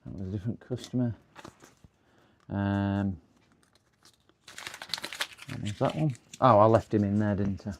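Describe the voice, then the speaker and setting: Male streamer, low and gravelly, casual muttering commentary from a home workbench. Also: steady tone, a little slow, long pauses, a little hiss or hum. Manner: chatty, mutters to himself while working. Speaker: PC repair livestreamer. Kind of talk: casual live commentary while working.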